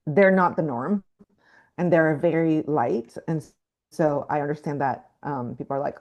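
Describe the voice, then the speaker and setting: A woman's voice: low-pitched, normal speed, darkish tone. A young woman from Mexico with a light Mexican accent, a guest actress talking reflectively in an interview, with frequent fillers and restarts. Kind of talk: casual interview talk.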